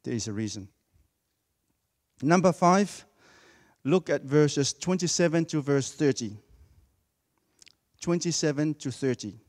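A man's voice: fairly high pitch, lively intonation, normal speed, darkish tone, in a large hall. A man preaching a sermon in a church, speaking emphatically and repeating key words for effect.

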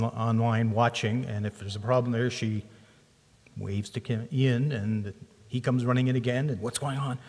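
A man's voice: medium pitch, a little mellow. A man giving a lighthearted, rambling speech at a church retirement lunch, often correcting himself as he goes. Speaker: church volunteer running the camera and live stream. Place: church hall. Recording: long reverb of a hall.

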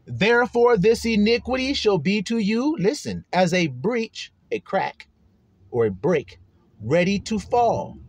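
A man preaching a sermon, reading scripture slowly and stretching the words, then explaining it in blunt, profane street talk. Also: sits high, animated, no room sound.

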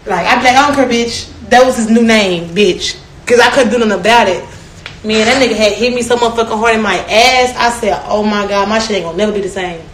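A woman's voice: medium pitch, quick pace. A young woman telling stories in a casual chat, brash and profane, often laughing. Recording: echoey room with faint noise.

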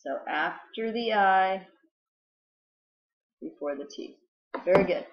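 A patient woman walks young children through a spelling lesson, sounding out each letter. She speaks at an unhurried pace. The recording is roomy and somewhat dull, like a simple home setup. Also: medium pitch. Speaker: teacher.

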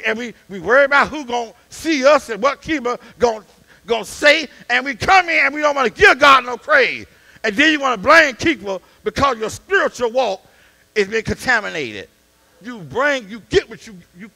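High, bright-voiced preaching deacon. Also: male voice, poor audio. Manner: call-and-response preaching, swings from quiet to shouting. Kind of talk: sermon.

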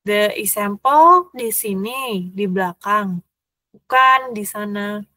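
A woman teaching a language lesson, explaining grammar slowly and patiently with examples. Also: mid-range voice, sharp tone, dry recording.

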